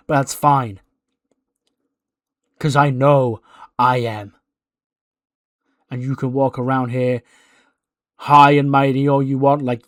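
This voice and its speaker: A man's voice: medium pitch, dry recording, studio quality, lightly acted. A man voicing a cocky male pro wrestler, reading a boastful, taunting promo.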